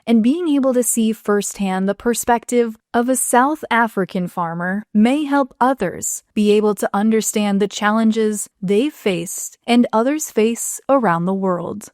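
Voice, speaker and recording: Woman, podcast narrator, smooth measured read, mid pitch, dry studio sound. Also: darkish tone, no echo. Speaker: narrator host. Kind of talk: scripted narration.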